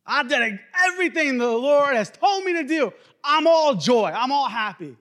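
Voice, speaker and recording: A man's voice: expressive, moderate pace. A man voicing a cheerful, self-satisfied king who is proud and defensive in a retold scripture story. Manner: high bright buddy-like eagerness.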